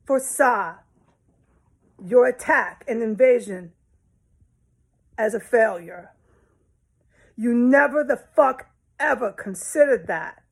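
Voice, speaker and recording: A woman's voice: sits high, poor audio. A woman from the United States delivering an angry, rambling, profane vlog rant. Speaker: vlogger. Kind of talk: angry ranting monologue.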